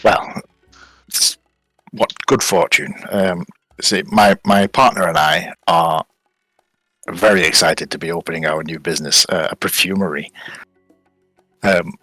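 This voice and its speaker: A fawning, salesy merchant making his pitch in an ingratiating way, tripping over his words now and then, as a player puts him on. The voice sits low and sounds dry and close. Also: steady tone, a little slow, long pauses, bright, forceful tone, no echo, soft background music, full character voice, rough recording. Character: smooth-talking male merchant pitching a business.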